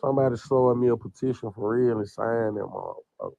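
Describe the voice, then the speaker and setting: A man's voice: mid-range voice, fairly even intonation, fairly quick, gravelly, dark tone, no echo, highs cut off. Tearful man ranting on a stream. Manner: tearful, rambling, profane. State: crying. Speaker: man under investigation speaking on a livestream. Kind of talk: emotional livestream rant.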